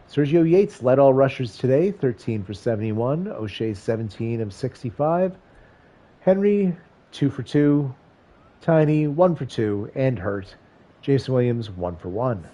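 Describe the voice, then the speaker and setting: A man's voice: medium pitch, mellow. A man streaming a football video game, giving casual play-by-play with wry, joking asides between stat rundowns.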